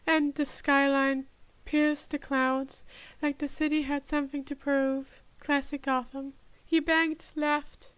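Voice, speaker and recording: A woman reading a fan-written story aloud in a measured, even way. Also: high-pitched, no echo. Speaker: podfic reader.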